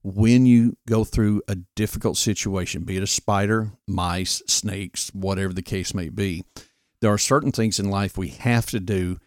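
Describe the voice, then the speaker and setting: A man's voice: lowish voice, steady tone, normal speed, no room sound, clean studio sound. A middle-aged man co-hosting a parenting podcast, talking in a firm, earnest, lecturing way. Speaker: podcast co-host. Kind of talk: casual parenting talk.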